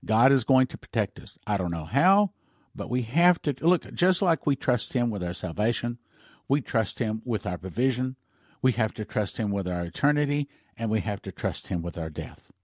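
A man's voice: on the low side, expressive, moderate pace, darkish tone, no echo, clean studio sound. A male pastor on a ministry broadcast who reads a story aloud in an earnest way and then comments on it.

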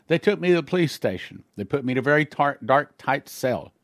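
A man recounts his story in an earnest sermon testimony, plainly and with small slips, voicing other people as he acts out dialogue. He speaks at a medium pitch, animated and a little fast, on a dry, studio-quality recording.

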